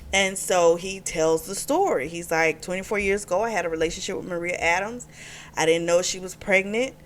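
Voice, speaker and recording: A woman reviewing a romance novel in a casual chat, retelling the plot and acting out the characters' lines. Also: mid-range voice. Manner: chatty retelling, acts out quotes with "she's like". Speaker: book reviewer.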